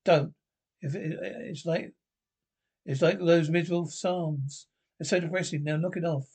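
A man's voice: on the high side, fairly even intonation, a little slow, darkish tone, slightly rough. A man playing an irritable, scolding God. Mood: irritated. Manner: scolding, impatient. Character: weary, irritable God speaking from the clouds.

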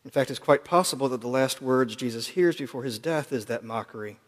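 A male preacher giving a reflective, earnest sermon at a mid-range pitch. He often drops into quieter asides. His voice carries a long reverb, as in a church sanctuary. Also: fairly quick.

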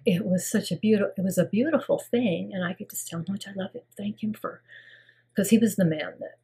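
Husky older woman, hushed earnest storytelling. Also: mid-range voice, fast talker. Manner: soft and earnest, often sinking to a hushed near-whisper. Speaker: guest. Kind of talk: emotional personal storytelling.

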